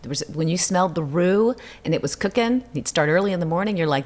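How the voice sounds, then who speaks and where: A middle-aged woman from Louisiana with a Cajun accent, a guest telling lively stories in a casual interview. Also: quick pace. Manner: animated storyteller, acts out quotes with big pitch jumps.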